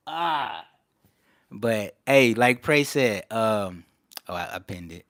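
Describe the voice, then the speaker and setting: A man hosting a casual livestream, talking to his chat in a laid-back, slangy way and getting animated at times. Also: medium pitch, unhurried, dry recording, studio quality. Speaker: livestream host.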